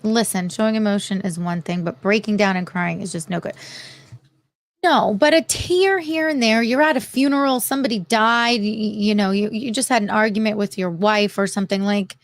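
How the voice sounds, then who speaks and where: Casting note: female podcast co-host, mid pitch, frank and argumentative, dry mic. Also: creaky, no room sound. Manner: frank, argumentative, casual swearing. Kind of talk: casual chat.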